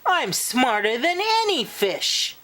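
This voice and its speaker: A woman's voice: on the high side, sing-song, slow, sharp tone, pitched above the performer's own voice, exaggerated voice. A woman voicing an eager, impatient little girl in a picture-book story, insistent and whiny.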